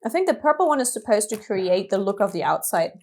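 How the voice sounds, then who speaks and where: A woman's voice: mid-range voice, big pitch swings, fast talker, slight background noise. A young woman co-hosting a podcast in casual chat, chatty and giggly. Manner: chatty, giggly, lots of "like" fillers. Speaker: podcast co-host.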